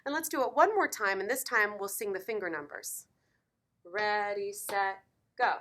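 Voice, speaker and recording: A woman's voice: medium pitch, moderate pace, fairly bright tone. A woman teaching piano in a lesson video, encouraging and counting beats aloud.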